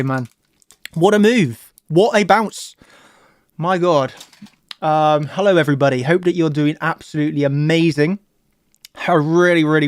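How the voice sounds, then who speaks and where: Male streamer, high voice, dry close sound, giddy and over-excited, loops his words. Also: no room sound. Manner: hyped, emotional, repeats words, laughs often. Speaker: crypto trading streamer. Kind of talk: excited live stream chart talk.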